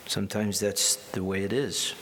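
A man's voice: fairly low pitch, fairly even intonation, moderate pace, fairly bright tone, a little hiss or hum. A man preaching a sermon in a conversational way, with wry asides and restarts. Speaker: pastor.

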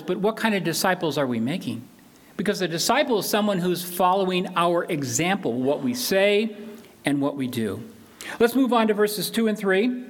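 An older man delivers a sermon from the pulpit in an earnest, emphatic way. His voice sits high for a man, and he drives his points home by repeating phrases. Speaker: pastor.

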